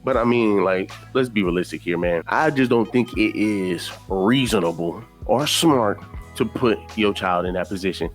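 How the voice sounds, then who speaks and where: A man with a lowish voice talks through a reaction video in a loose, opinionated way. He circles back to his points and repeats them. Faint music plays underneath. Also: moderate pace. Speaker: commentary YouTuber. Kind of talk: casual reaction commentary.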